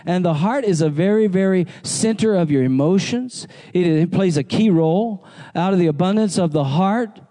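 High-voiced, mellow male pastor preaching. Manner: animated preaching, calls to the congregation. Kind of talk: sermon.

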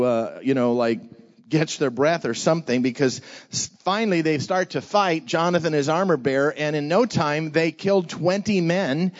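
A man pastor giving an energetic sermon for children, drawing the audience into call-and-response and telling stories. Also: on the high side, lo-fi sound.

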